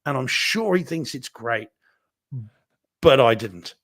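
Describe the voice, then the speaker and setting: A man with a mid-range, slightly bright voice speaks slowly but animatedly while co-hosting a live home theater show where movies get reviewed. In a casual live-stream chat, he gives a candid, rambling film opinion, restarting his sentences many times.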